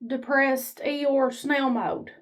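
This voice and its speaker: Standing while she films herself, a woman vlogger speaks very slowly in a high, steady voice. She gives the camera a blunt, folksy motivational talk that rambles.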